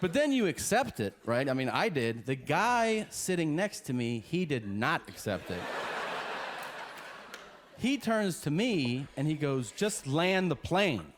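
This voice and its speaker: Animated man doing stand-up. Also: a little high, a little slow. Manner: storytelling with voices of people he describes. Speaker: stand-up comedian. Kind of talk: stand-up routine. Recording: noisy stand-up clip.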